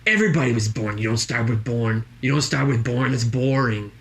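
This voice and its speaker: A man's voice: mid-range voice, fairly quick, lightly acted. A man playing a boastful, rambling jobless guy with a put-on accent, spinning tall tales in an improvised comedy interview.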